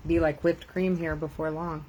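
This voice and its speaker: A woman's voice: sits low, little pitch movement, normal speed, mellow, slight background noise, poor audio. Chatty grandmother crafting on a live stream. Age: older. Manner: chatty, rambling, laughs often. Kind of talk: casual live-stream chat.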